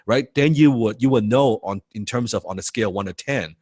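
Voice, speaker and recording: A man's voice: fairly low pitch, a little fast, hardly any pauses, husky. A man teaching a sales training lesson, repeating key points and acting out what prospects say. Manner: animated, repeats key phrases, acts out prospects' replies.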